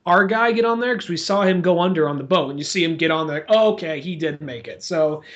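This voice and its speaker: A man co-hosts a relaxed podcast about films. He speaks in an easygoing, chatty manner and breaks into quick acted-out lines from the scenes. His voice is slightly higher than most men's. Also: highs cut off. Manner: laid-back, chatty, acts out lines from scenes. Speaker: podcast co-host. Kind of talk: casual movie chat.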